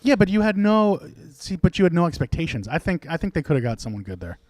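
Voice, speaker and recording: Lively, high-voiced man arguing sports. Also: fast, no room sound, studio quality. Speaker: podcast co-host. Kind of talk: casual sports chat.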